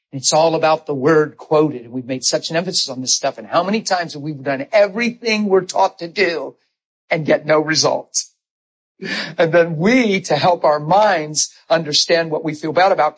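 A middle-aged man preaching a sermon, telling personal stories with emotion and animated quoted voices. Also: fairly high pitch, breathy edge, rough recording.

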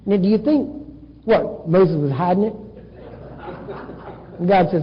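Animated high-voiced preacher in a hall. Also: male voice, fairly quick, long pauses, slightly rough. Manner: animated storytelling, acting out dialogue. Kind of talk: sermon. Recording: dull echoey hall recording.

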